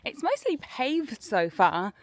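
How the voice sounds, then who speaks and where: A woman's voice: sits high, big pitch swings, slow, dry recording. A woman in her thirties chatting casually in a travel vlog, laughing often while walking a trail outdoors. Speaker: vlogger.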